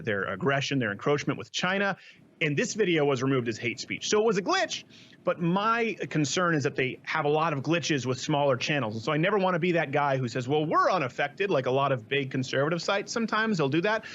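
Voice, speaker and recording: A man, a guest on an interview show, talking fast and joking about politics in a casual chat. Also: on the high side, fairly bright tone, highs cut off.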